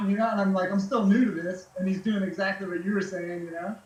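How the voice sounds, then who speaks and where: High-voiced laid-back man telling stories. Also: fairly even intonation, quick pace, hardly any pauses, reverberant, poor audio. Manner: laid-back, swears freely, many fillers. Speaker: podcast guest, military veteran. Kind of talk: casual storytelling chat.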